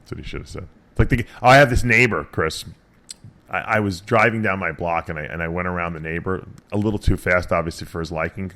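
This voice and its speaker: Lower-voiced profane radio host. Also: male voice, fast talker, bright, forceful tone. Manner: profane, rambling storyteller. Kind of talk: casual radio chat.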